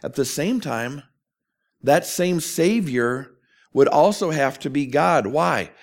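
A man's voice: a little high, lively intonation, slow. A man preaching a sermon as a pastor, earnest and emphatic, asking questions of his listeners.

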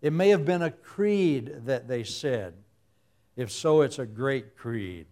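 A man's voice: mid-range voice, lively intonation, takes it slowly, mellow. A man preaching a humorous sermon, telling stories with sound effects and laughing at his own jokes.

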